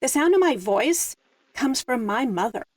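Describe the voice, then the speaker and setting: A woman's voice: high-pitched, expressive, measured pace, darkish tone, no echo. A woman hosting a panel discussion, speaking in a reflective, storytelling way. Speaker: host.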